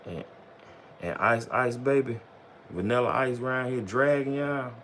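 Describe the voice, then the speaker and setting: A man's voice: mid-range voice, measured pace, fairly bright tone, slight background noise. A man chatting casually on his livestream in loose slang, rambling and often tossing in "bro" and "you know what I'm saying". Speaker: vlogger on a livestream.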